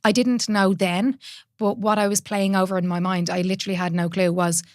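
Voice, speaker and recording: A woman's voice: mid-range voice, flat delivery, a little fast, no room sound, studio quality. An Irish woman in her thirties, a podcast host telling her own story in a candid, earnest way and swearing casually. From Ireland.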